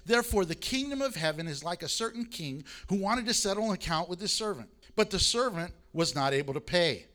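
A male pastor preaching a sermon, reading scripture aloud and moving between loud emphasis and quiet asides. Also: high voice, lively intonation, moderate pace.

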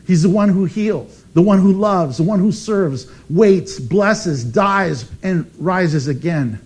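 A man preaching a sermon as pastor, emphatic and animated, with dramatic pauses. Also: high voice, husky.

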